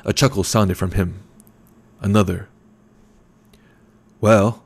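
Slow, low-voiced male audiobook narrator. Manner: measured, calm storytelling. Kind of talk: scripted narration.

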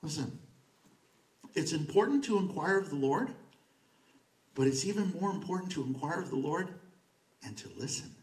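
A man's voice: fairly high pitch, lively intonation, normal speed, long pauses, darkish tone. A male pastor preaching a sermon in a conversational, emphatic way, repeating words for stress. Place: church sanctuary. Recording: echoey church from a distance.

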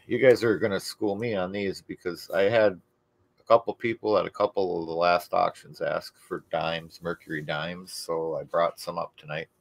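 A man's voice: sits low, fairly even intonation, normal speed, vocal fry, poor audio. A man co-hosting a live online coin auction, greeting bidders by name and showing the coins. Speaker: auction host.

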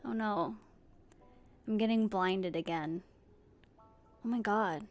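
A woman's voice: medium pitch, slow, soft background music. A young woman streaming a video game, chatting casually with her viewers, giggling often and using lots of fillers. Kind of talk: casual gameplay livestream chat.

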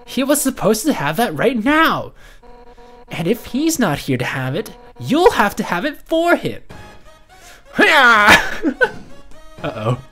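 A brash, hot-headed fish warrior woman, as a woman reads her lines in a let's play, loud and boisterous. The voice sits low but swings wildly up and down. Faint music plays beneath. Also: big pitch swings, unhurried, exaggerated voice. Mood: fired up. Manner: loud, boisterous, bursts of shouting. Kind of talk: reading game dialogue aloud in a let's play.

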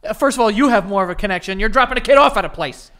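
Laid-back, teasing man with a lively voice. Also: sits high, rapid-fire. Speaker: podcast co-host. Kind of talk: casual chat.

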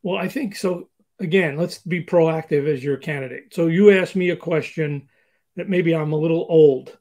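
Older man giving lively hiring advice. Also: fairly high pitch, normal speed. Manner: animated, acts out example dialogue. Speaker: interview guest, hiring consultant. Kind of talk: conversational advice in an interview.

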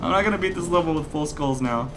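A man's voice: a little high, fast, fairly bright tone. A man giving rambling, joking let's play commentary, breaking into mock rage and laughter. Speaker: gaming commentator. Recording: game music playing behind.

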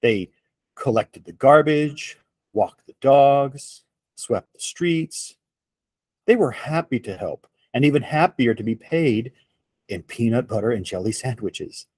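A man reads a children's picture book aloud, unhurried and expressive. His voice has a slight husky edge, and the recording is dry and close with no room sound. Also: medium pitch, no echo. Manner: slow, expressive read-aloud. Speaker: storyteller for children.

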